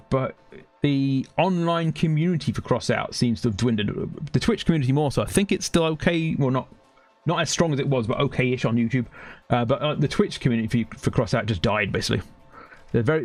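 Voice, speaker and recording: A young man with a London accent chatting casually while streaming gameplay, rambling and breaking off to react to the game. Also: mid-range voice. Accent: London English. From Britain. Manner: rambling, self-interrupting, reacting to the game mid-sentence. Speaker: gaming streamer. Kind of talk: casual live-stream chat over gameplay.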